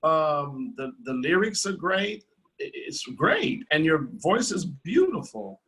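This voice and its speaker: A man's voice: on the high side, very animated, takes it slowly, pushed and bright. A man, a guest opera singer, giving encouraging feedback to a young student over a video call and repeating his praise.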